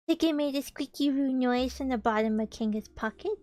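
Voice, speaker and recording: A woman's voice: sits high, brisk, warm tone, no room sound, clean studio sound. A woman streamer reading a storybook aloud, with chatty, playful asides.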